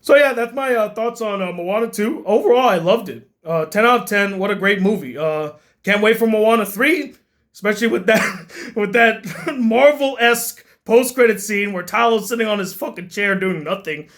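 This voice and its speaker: Male critic, exasperated profane rant, breaks into shouting, comedic. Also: sits high, moderate pace. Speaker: film critic.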